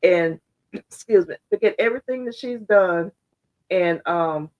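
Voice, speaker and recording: A woman giving blunt, fired-up opinion commentary straight to her viewers, her voice hoarse and congested. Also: lowish voice, unhurried, highs cut off. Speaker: social media commentator.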